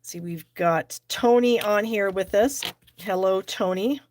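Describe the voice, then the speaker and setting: A woman's voice: medium pitch, slow, darkish tone, no room sound. A middle-aged woman hosting a live card-stamping class, chatty and self-deprecating as she talks herself through each step. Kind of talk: live crafting demonstration.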